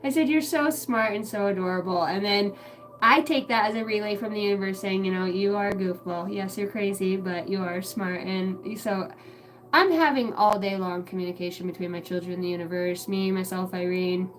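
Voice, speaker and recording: A woman's voice: mid-range voice, normal speed, a little hiss or hum. Rambling, foul-mouthed young woman streamer. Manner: rambling, swears a lot, animated. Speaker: livestream psychic reader. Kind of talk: casual livestream chat. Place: home.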